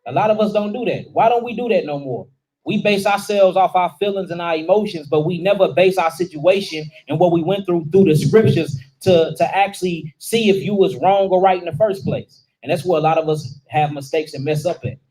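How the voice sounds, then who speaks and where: A high-pitched man preaching with rising force, firing questions at the room. He talks in a casual, everyday dialect as he breaks down scripture line by line. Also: a little mellow, rough recording. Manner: calls out questions and answers to the room; informal dialect speech. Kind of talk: sermon teaching.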